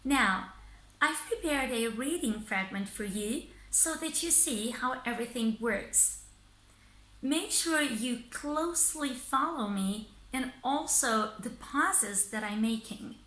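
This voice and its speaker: Slow, high-voiced woman teaching English. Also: lively intonation, bright, forceful tone, reverberant, rough recording. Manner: slow, deliberate, pausing by thought groups. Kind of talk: scripted teaching monologue.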